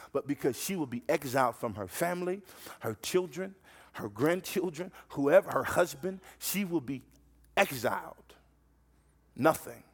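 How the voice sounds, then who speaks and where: High-voiced fervent male preacher. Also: husky. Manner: fervent, storytelling, repeats words when restarting. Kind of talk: sermon.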